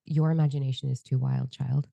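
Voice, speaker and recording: This is a woman with a very low, dark voice who talks fast and swears freely in open podcast chat. She speaks as if nothing gets filtered on its way out. The sound is dry and close. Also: flat delivery, creaky, no echo. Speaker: podcast co-host and psychic medium. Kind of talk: candid casual conversation.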